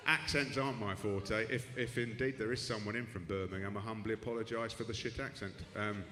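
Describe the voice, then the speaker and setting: A man's voice: medium pitch, a little fast. A man doing a stand-up comedy set in a club, with dry, rambling, self-deprecating asides and frequent restarts. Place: comedy club stage with live audience. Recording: echoey club room with audience noise.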